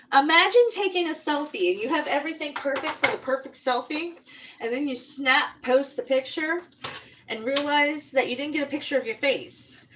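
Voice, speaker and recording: This cooking channel host, an adult and a parent, rambles chattily to viewers during a casual livestream from her kitchen, moving about and now and then leaving the mic. Her voice sits high against a noisy background.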